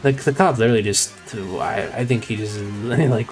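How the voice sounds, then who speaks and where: A man's voice: lowish voice, moderate pace, soft background music. A man streaming a game who tells a story in a rambling, casual way, full of fillers and repeated phrases.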